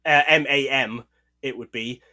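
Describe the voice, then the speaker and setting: A man with a faint Northeast English accent talks through collecting and trivia in a relaxed podcast chat. His voice is bright and clear, at an average pitch. He explains patiently and lets his sentences trail off softly. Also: a little slow. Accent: mild Northeast English. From Northeast England. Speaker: podcast co-host. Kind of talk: casual chat.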